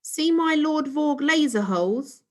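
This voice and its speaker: A woman voicing an excited young boy who shows off his toys in a children's storybook. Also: on the high side, takes it slowly. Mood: eager. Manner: excited, boastful. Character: eager young boy space kid.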